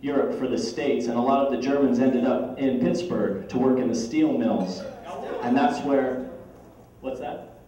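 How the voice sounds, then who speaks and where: A man's voice: medium pitch, steady tone, unhurried, warm tone, highs cut off. A man, a grandson, giving a humorous birthday speech full of playful family anecdotes. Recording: echoey hall from far off, crowd noise.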